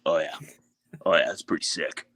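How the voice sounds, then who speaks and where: A man's voice: deep voice, fairly even intonation, normal speed, fairly bright tone, dry recording. A young man co-hosting a podcast, telling a story in a rambling, laughing way with many fillers. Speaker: podcast co-host. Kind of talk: casual storytelling chat.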